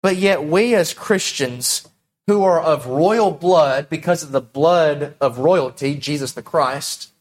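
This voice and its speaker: A male pastor preaches with a fairly high voice and strong emphasis. He swings from raised, ringing lines to low, quiet ones and acts out the people he quotes. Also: slow. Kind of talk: sermon.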